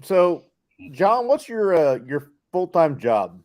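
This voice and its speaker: A man's voice: high voice, sing-song, slow pace, highs cut off. A man hosting a casual live stream, trading blunt, swearing banter with his guests.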